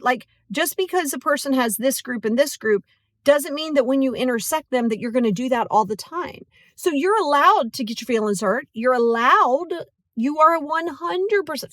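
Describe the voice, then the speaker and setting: A woman with a fairly high voice hosts a motivational podcast in a relaxed, chatty way. She keeps checking in with "right?" and acts out other people's voices. The sound is dry and close to the mic. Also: dry recording. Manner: animated, acts out quoted voices; casual, filler-heavy, checks in with "right?". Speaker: podcast host.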